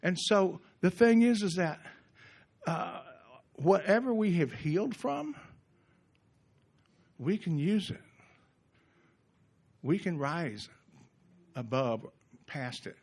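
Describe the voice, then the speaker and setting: Gentle reflective man leading a workshop. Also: fairly high pitch. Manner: gentle, reflective, conversational with restarts. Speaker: workshop speaker. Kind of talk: recovery workshop talk.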